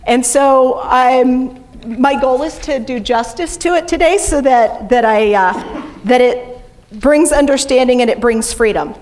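A middle-aged woman stands before a church as guest speaker, her voice pitched high. She preaches in a chatty, self-deprecating way. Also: a little slow, a little mellow. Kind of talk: sermon. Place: church sanctuary.

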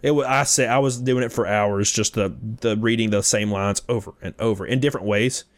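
A young man telling stories in casual chat, rambling and animated with lots of fillers. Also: on the low side, brisk.

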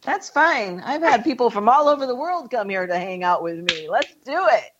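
A woman's voice: a little high, sing-song, moderate pace, husky, muffled recording. A woman from Louisiana who is a guest on a live talk show, speaking in a sassy, good-humored way. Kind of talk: casual chat as a guest.

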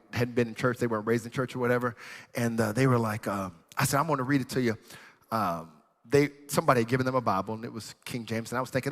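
A man preaching and telling a story, animated, swinging from loud bursts to hushed tones. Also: mid-range voice. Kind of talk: sermon storytelling. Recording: long reverb in a large hall.

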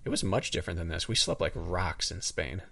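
Low-voiced man with an Upper Midwest accent. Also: animated, fairly quick, gravelly, a bit bright, no room sound, distant mic. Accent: Upper Midwest American. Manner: rambling, laughing storyteller. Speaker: podcast co-host. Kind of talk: casual podcast chat. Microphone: headphones and remote mic.

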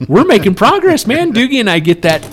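A middle-aged man telling a story in a casual chat, animated and acting out the shouted lines. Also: extremely high pitch, a little fast, husky. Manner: animated, acts out yelled quotes.

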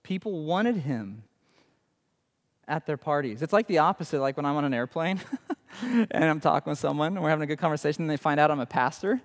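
A male pastor delivers a lively, conversational sermon, tossing questions out to his listeners. His voice sits a touch high for a man. The sound rings with long reverb from a large church hall. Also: a little fast. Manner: animated, conversational preaching with rhetorical questions.

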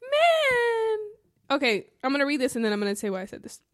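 A woman co-hosting a podcast, telling a story in a casual, profane, animated way. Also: a little high, racing, dry recording. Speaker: podcast co-host.

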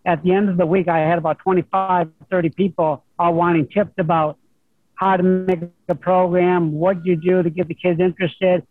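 A middle-aged man, a high school golf coach, talking over the phone in a rambling, humble way with many restarts. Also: flat delivery, normal speed, no echo. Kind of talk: phone interview guest. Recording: tinny phone line.

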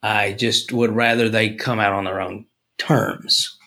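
A laid-back man co-hosting a podcast in casual chat, dropping quick wisecracks. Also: lowish voice, level tone, pushed and bright. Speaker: podcast co-host.

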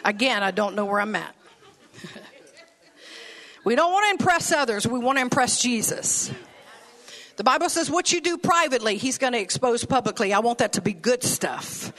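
Woman preacher, sermon, bright clear tone, lively, folksy, laughing asides. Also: a little high, moderate pace, long pauses.

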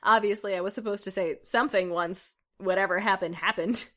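A woman's voice: mid-range voice, steady tone, fairly quick, bright, forceful tone. A woman co-hosting a comedy podcast, reading a story aloud and laughing as she goes. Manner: giggly, breaks into laughter while reading. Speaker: podcast co-host reading fan fiction.

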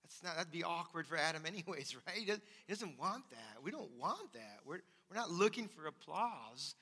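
Bright-voiced pastor in a reverberant hall. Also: male voice, fairly high pitch, sing-song, normal speed, breathy edge. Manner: conversational, emphatic, asks "right?" often. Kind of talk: sermon. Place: church sanctuary.

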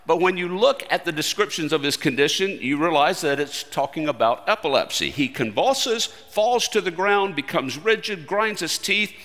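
A man preaching a sermon with emphatic delivery, swinging between loud stressed phrases and quiet low asides. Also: lively intonation, moderate pace, few pauses, in a large hall.

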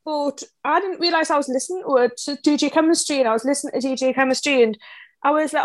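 A young woman from the North East of England with a broad Geordie accent talks in a high, bright register. She rambles eagerly through casual podcast chat, packed with local slang. The sound is close and dry, with no room around it. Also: fast, no echo. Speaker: guest.

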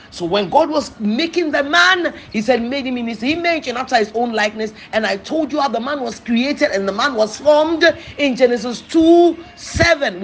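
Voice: mid-range voice, fairly bright tone, slight background noise. A preacher teaching an episode of a sermon series, emphatic, asking the listeners questions and answering them.

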